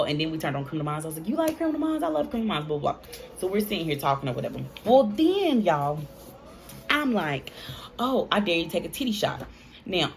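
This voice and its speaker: A young woman, telling a casual storytime to her viewers in an animated, chatty way. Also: low-pitched, slight background noise. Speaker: vlogger.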